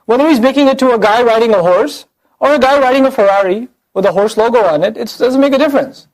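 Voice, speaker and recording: A man giving a lively religious lecture as a Quran teacher, talking conversationally with the audience and firing off rhetorical questions. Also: very high voice, quick pace, poor audio. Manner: animated, fires off rhetorical questions; conversational, addresses the audience directly.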